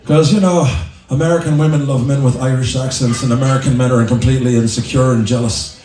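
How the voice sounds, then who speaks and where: A man who sings and plays guitar in an indoor bar teases the crowd with jokes between songs, speaking at a moderate pace in a mid-range, darkish voice with fairly even intonation. He's far from the mic, and the echoey bar recording, taped from afar, includes guitar.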